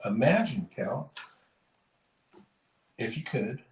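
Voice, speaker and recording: A man's voice: medium pitch, very animated, slow. A man hosting a podcast in casual chat, rambling and correcting himself as he tells stories. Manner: rambling, self-correcting, chuckling storyteller. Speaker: podcast host. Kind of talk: casual chat and joke telling. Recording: roomy, distant mic.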